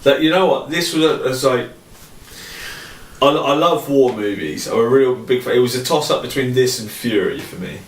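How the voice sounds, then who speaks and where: A man's voice: mid-range voice, moderate pace. Man, casual podcast chat, sweary, roomy sound, distant mic. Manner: sweary, laughing, relaxed banter. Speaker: podcast co-host.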